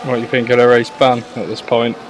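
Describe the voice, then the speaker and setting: Excitable man calling a sim race. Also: medium pitch, a little fast, slight background noise. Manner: excitable, chatty, talks to viewers and co-host. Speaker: league owner and race commentator. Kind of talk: live sim racing commentary.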